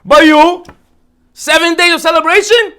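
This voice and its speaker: A man's voice: very high voice, fairly even intonation, normal speed, pushed and bright, voice pushed up. Haman, a man doing a boastful villain. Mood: gloating. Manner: gloating, indignant. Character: boastful wicked ancient villain Haman, male.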